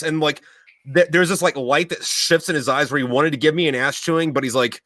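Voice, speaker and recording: A man's voice: a little high, animated, fast, sharp tone, no echo. A young man telling profane war stories in casual chat, rambling with lots of fillers. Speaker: podcast host.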